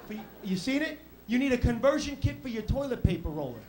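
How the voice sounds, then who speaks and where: High-voiced ranting New man. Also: big pitch swings, quick pace, poor audio. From New York. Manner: ranting, exasperated, building to loud punchlines. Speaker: stand-up comedian. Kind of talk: stand-up routine.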